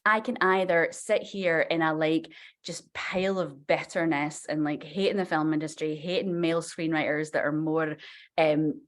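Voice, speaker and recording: A woman in her forties, a novelist guest on a podcast, telling a story in a chatty, animated way full of fillers. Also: low-pitched, normal speed. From Scotland.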